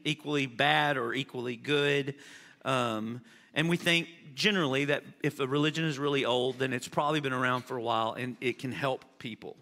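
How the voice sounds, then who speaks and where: A man preaching a sermon as pastor, animated, swinging from loud emphasis to quiet asides. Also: a little high, in a large hall.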